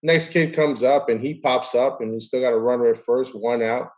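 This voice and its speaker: A man's voice: medium pitch, moderate pace, low-quality recording. A man hosting a casual interview, telling stories animatedly and acting out the dialogue. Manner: animated storyteller who acts out dialogue. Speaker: host.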